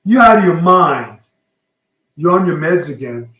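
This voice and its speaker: Laid-back deadpan man, echoey. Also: fairly high pitch, a little slow. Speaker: podcast host. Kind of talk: casual couple banter. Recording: roomy echo.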